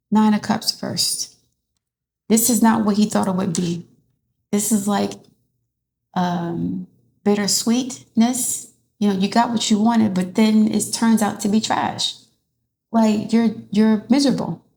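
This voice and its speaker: A woman's voice: mid-range voice, fairly even intonation, takes it slowly, creaky, a little mellow, a little hiss or hum. A woman giving a casual tarot reading in a rambling way, restarting often. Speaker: tarot reader.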